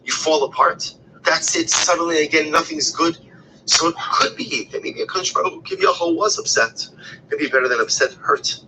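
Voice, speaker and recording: A man teaching a text-based Torah class, talking expressively, often repeating phrases and asking rhetorical questions, and sometimes dropping to a hushed whisper. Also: on the high side, normal speed, noisy background. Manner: expressive, shifts between loud emphasis and hushed whispers.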